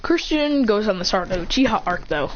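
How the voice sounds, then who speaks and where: A woman rambles through a homemade fan story, her voice lively and swooping, correcting herself as she goes. The recording is dull and lo-fi, with a faint hiss underneath. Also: mid-range voice, brisk. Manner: rambling, self-correcting, acts out quoted lines. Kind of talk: casual fan-fiction storytelling.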